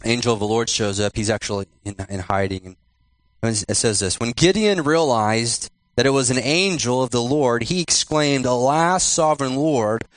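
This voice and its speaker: A male pastor giving a sermon in church, repeating and slowing down his key phrases for emphasis. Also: mid-range voice, expressive, no room sound. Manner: repetitive, emphatic preaching with slowed key phrases.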